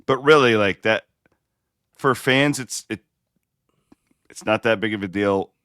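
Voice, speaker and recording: Deep-voiced chatty male podcast host. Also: measured pace, fairly bright tone, clean tone, no room sound, studio quality. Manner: chatty, self-deprecating, frequent restarts. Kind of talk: casual sports chat.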